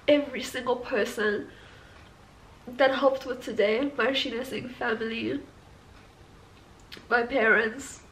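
A young woman at home talking in a personal vlog, tearful and halting after a long day of crying, laughing through her tears. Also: high voice, a bit bright, rough recording. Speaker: vlogger, tattoo studio owner.

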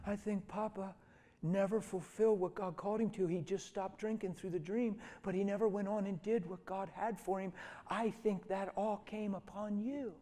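A man voicing a gentle, earnest elderly grandmother, in an echoey hall. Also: high-pitched, fairly even intonation, normal speed, voice pushed up, natural voice.

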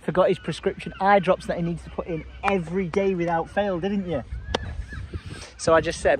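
A man's voice: fairly high pitch, brisk. Upbeat young man vlogging on a road trip. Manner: upbeat, jokey, swears casually. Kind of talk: casual travel vlog. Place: camper van and service stations. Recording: outdoor traffic noise.

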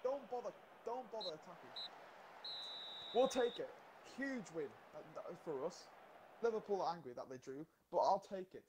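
A young man giving excited, pleading live commentary on his own football management game, swinging between despair and cheers. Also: high-pitched, fairly quick, noisy background. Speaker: gaming YouTuber.

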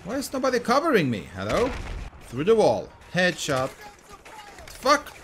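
A man giving casual let's-play commentary, excitable, swearing often and shouting callouts. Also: high-pitched, measured pace, a little hiss or hum. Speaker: gameplay commentator.

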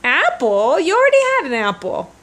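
A woman's voice: high voice, huge pitch swings, normal speed. A woman talking baby-talk to her pet parrot at home, coaxing and repeating short questions in a sing-song way. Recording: home video with clear background noise.

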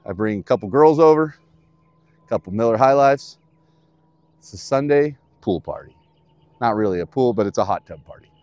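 A man's voice: mid-range voice, expressive, moderate pace, pauses often, darkish tone, no echo, lo-fi sound. A man teaching golf outdoors on a course in a casual, upbeat, plain-spoken way, talking straight to the viewer. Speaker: golf instructor.

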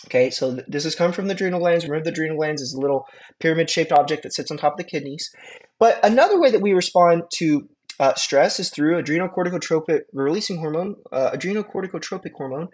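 A man's voice: a little high, quick pace, darkish tone. A man giving a casual EMT classroom lecture, chatty and informal with many fillers and acted-out examples. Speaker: EMT instructor.

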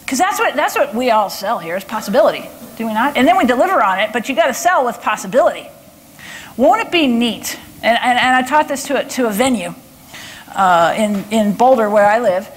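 A woman from Texas speaks to a conference crowd in a bright, high voice. She is chatty and lively, stopping often to check in with "okay?" and "right?". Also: quick pace, a little hiss or hum. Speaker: body language speaker. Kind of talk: conference talk with audience questions.

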